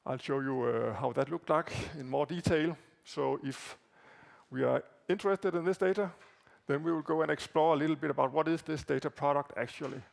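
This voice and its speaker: A man whose first language is Danish presents slides at a conference. His voice is heavily gravelly, and he talks haltingly, repeating words and filling pauses. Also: a little high. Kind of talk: conference talk walking through slides. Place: conference hall.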